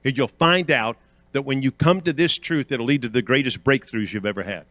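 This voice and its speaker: A man's voice: medium pitch, expressive, a little fast, a bit bright, dry recording. A man preaching a sermon at church, emphatic and repetitive, calling out questions to the congregation and building in intensity. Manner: emphatic, repeats phrases with rising intensity, quizzes the congregation. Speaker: guest preacher.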